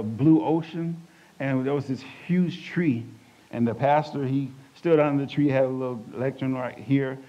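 A man preaching a testimony as a lively storyteller who acts out the voices in his tale. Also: medium pitch, lo-fi sound. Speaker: church speaker giving testimony.

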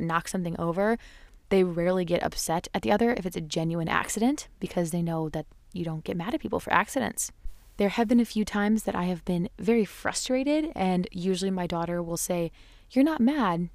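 A young woman chats candidly about parenting, her voice sitting a bit low for a woman. She talks loosely, full of "like" and "you know", and slips into her kids' voices when quoting them. The sound is close and dry. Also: dry recording. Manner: acts out her children's voices in quotes. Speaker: parenting podcast host. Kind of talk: casual chat.

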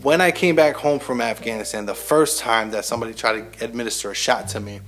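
A man's voice: mid-range voice, fast, a bit bright, faint music behind. A man telling a personal story in a casual, heavily profane, self-mocking monologue to his listeners. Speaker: military veteran host.

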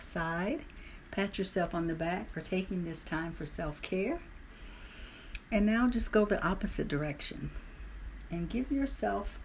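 Woman meditation leader: calm, instructive, lowish and gravelly, slow guided cues. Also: a little hiss or hum.

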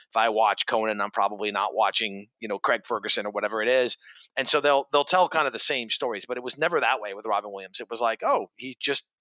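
A man's voice: fairly low pitch, pushed and bright, dry recording, dull audio. A man hosting a podcast interview, chatting casually and telling anecdotes. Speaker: podcast host.

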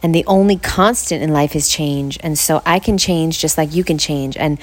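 Speaking in a low voice at a moderate pace, this podcast host chats casually from a couch in her home living room, using a podcast mic. Though tired, she stays upbeat and laughs a lot.

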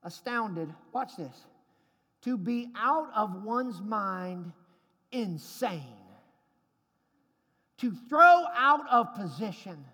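A man preaching with a very high voice, pressing his points hard and climbing to shouts. His words ring out in a large hall with a long, trailing reverb. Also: animated, drawn-out words, pauses often. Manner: emphatic preaching, rising to shouts at climaxes. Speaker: pastor. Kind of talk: sermon.

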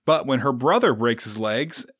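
Lively, playful male podcast co-host. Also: mid-range voice, normal speed, breathy edge, no echo, clean studio sound. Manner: playful, reads summaries with asides and self-corrections. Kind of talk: casual podcast chat.

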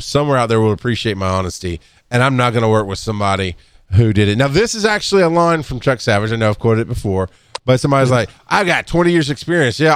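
A man hosting a casual podcast and speaking as an EMS educator. He talks bluntly, laughs often and clears his throat now and then. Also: dry recording, clean studio sound. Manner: blunt and animated, swings up in pitch when fired up.

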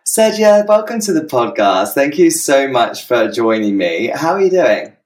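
A man's voice: mid-range voice, sing-song, unhurried, darkish tone, soft background music. A British man hosting a casual podcast interview, bubbly and effusive, often restarting his sentences. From United Kingdom. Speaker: podcast host.

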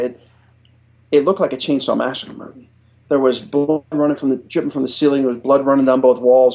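A man's voice: medium pitch, a little mellow, dull audio. Earnest middle-aged man recounting a memory. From United States. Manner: earnest, halting, repeats words while recounting. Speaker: podcast guest, retired Air Force chief master sergeant. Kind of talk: personal storytelling in an interview.

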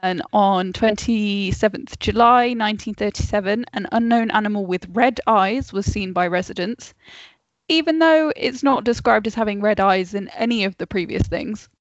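A woman co-hosting a podcast over a video call, reading facts aloud in a casual, unhurried way and laughing off interruptions. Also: medium pitch, dry recording. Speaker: podcast co-host telling the story. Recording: dull lo-fi call audio.

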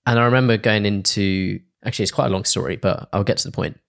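Low-voiced young man telling stories. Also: fast talker, vocal fry, fairly bright tone. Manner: rambling storyteller, laughs often. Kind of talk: casual chat.

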